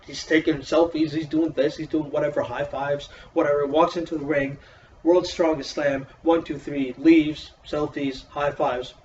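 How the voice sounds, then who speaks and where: A man's voice: a little high, fairly even intonation, normal speed, darkish tone, recorded from a distance, highs cut off, slight background noise. A man casually reviewing a wrestling show in a profane, exasperated, sarcastic rant.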